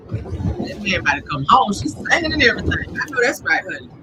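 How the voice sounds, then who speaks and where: A woman's voice: medium pitch, sing-song, a little fast, background noise. A woman hosting a gossip livestream, sassy and chatty, calling her viewers honey and child. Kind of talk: casual gossip commentary.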